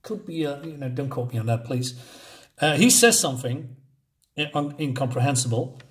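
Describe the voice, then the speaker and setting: A man casually recapping a comic issue, halting often with fillers and unsure asides. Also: mid-range voice, lively intonation. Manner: hesitant, many fillers and restarts, unsure asides. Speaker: comic book reviewer.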